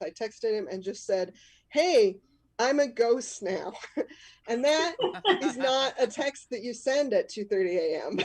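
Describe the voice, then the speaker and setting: A woman's voice: on the high side, darkish tone, dry recording. A woman comic hosting a live storytelling show, telling a self-mocking story in a casual, rambling way. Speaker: comic and host.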